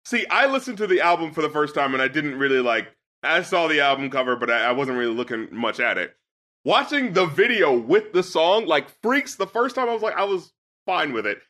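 A man hosting a podcast, reviewing music in casual, animated talk, laughing often and swearing freely. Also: on the high side, fairly quick. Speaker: podcast host, music critic.

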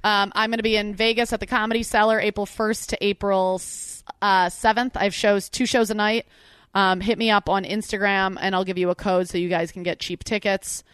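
A woman comedian in her thirties from Detroit, chatting candidly with lots of "like"s and casual swearing. Her voice sits at an ordinary pitch. The sound is dry and close to the mic. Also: flat delivery, fairly quick, fairly bright tone, smooth, no echo. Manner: candid storyteller, frequent swearing, many "like"s. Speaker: stand-up comedian, podcast guest. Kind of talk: casual chat.

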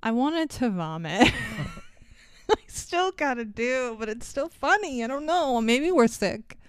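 A woman's voice: a little high, sing-song, slow pace, clear, resonant tone, no echo. Sarcastic young woman recapping a film. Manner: sarcastic, swearing, laughs often. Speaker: podcast co-host. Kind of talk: casual movie recap chat.

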